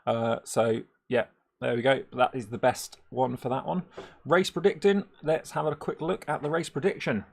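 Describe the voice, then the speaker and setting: A man's voice: medium pitch, fairly even intonation, normal speed, vocal fry. A man chatting casually on a live stream, rambling and laughing often, with many hesitant fillers.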